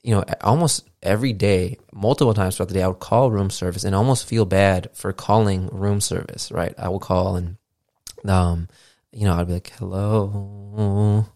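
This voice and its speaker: A man whose voice sits low with a darkish tone and fairly even intonation hosts a casual solo podcast at a moderate pace. He rambles, drops lots of fillers, and swears casually into a studio mic via a podcast mixer, and the recording is dry.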